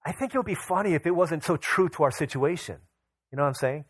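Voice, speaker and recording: A man's voice: fairly high pitch, lively intonation, fast talker, a bit bright, husky, no room sound. A young man pastor preaching a sermon, telling a family story and acting out his children's voices.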